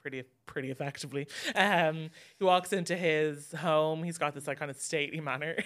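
A woman's voice: low voice, fairly even intonation, moderate pace, a bit bright. A woman co-hosting a film podcast in casual chat, with a dry, teasing, understated manner. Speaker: podcast co-host.

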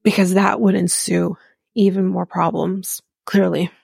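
A woman's voice: lowish voice, flat delivery, a little slow, vocal fry, a little mellow, slightly rough, no echo, studio quality. A young adult woman hosting a casual podcast recap and commenting bluntly, with profanity and indignation. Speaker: podcast host.

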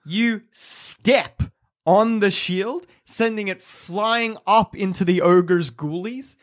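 A man running a tabletop game as game master, narrating the fight in quick bursts and laughing at his own descriptions. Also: high-pitched.

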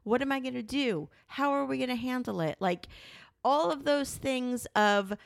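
A middle-aged woman talking candidly and emphatically with her husband, her voice jumping high when she insists. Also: normal speed, vocal fry, dry recording, studio quality. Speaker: podcast co-host, wife. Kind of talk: candid couple conversation.

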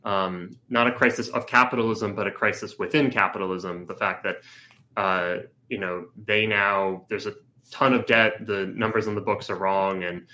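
Man co-host, casual political talk, low-pitched and bright, stop-start with lots of fillers. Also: fairly even intonation. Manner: halting, many fillers and restarts.

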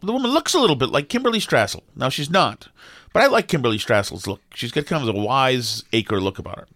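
A middle-aged man, co-hosting a podcast and telling a story in an animated, exasperated way with lots of restarts. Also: mid-range voice, quick pace, no echo, clean studio sound. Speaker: podcast co-host. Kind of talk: casual storytelling chat.

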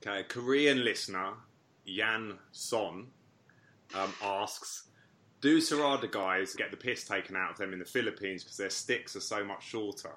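A man with a bright, forceful voice hosts the conversation, reading listener questions aloud. His pitch sits somewhat low, and his delivery is dry and jokey. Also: normal speed, a little hiss or hum. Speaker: podcast host.

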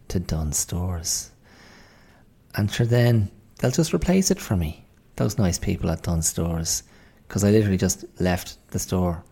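A man's voice: low-pitched, gravelly, darkish tone, slightly rough. An Irish man hosting a podcast, telling a story in a wry, exasperated casual monologue. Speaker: podcast host. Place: indoors at home, late night.

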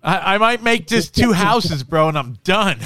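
A man's voice: high voice, lively intonation, unhurried, pushed and bright, dry recording, studio quality. A man co-hosting a podcast in casual, profane chat, saying bro a lot. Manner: swears constantly, says bro a lot. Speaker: podcast co-host.

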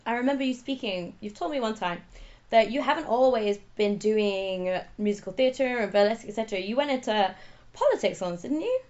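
Upbeat woman host, bit high voice, muffled lo-fi sound. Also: lively intonation, a little fast, a little mellow. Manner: enthusiastic, short interjections. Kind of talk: casual chat.

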